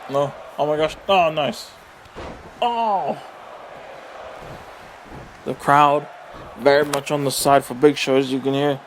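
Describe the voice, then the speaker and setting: A man commentating a wrestling video game with excited play-by-play, full of exclamations and mild swearing. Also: medium pitch, moderate pace, slight background noise. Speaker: gaming commentator.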